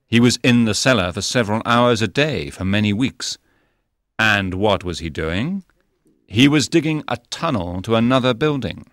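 A man reading the part of a calm, clever male detective in an audiobook, speaking in a measured, explanatory manner. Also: lowish voice, no room sound, clean studio sound.

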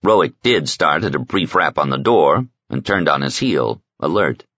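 Deep-voiced male narrator, measured and even, dry close audio with a dull top end. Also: slightly rough, no room sound. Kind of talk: scripted narration.

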